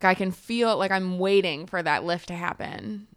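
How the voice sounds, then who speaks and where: Smooth-voiced woman, candid guest. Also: on the low side, moderate pace, dry recording, clean studio sound. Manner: candid, laughs easily, acts out quoted dialogue. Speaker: podcast guest. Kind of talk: casual conversation.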